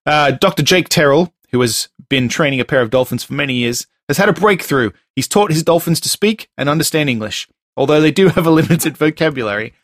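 Fairly bright and a little high, this man's expressive voice is captured at studio quality with no echo. As a podcast host running a laid-back movie tagline quiz, he jokes, laughs a lot, and delivers taglines slowly and dramatically.

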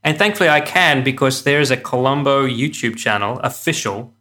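Aussie guy on a podcast, rambly and animated, swears a bit, mid pitch voice. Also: normal speed. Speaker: podcast co-host. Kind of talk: casual chat.

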